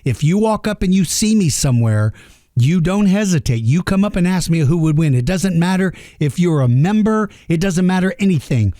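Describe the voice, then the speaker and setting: A man's voice: high voice, expressive, brisk, warm tone, no room sound, clean studio sound. A man hosting a dinosaur podcast for kids, talking casually, rambling and joking at himself. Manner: rambling and jokey, laughs at himself. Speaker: podcast host.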